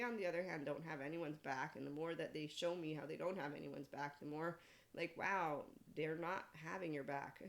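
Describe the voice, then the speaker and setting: A woman in her forties, a podcast host, giving a rambling spiritual monologue in an animated way, laughing often and dropping profane asides. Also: low voice. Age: 40s.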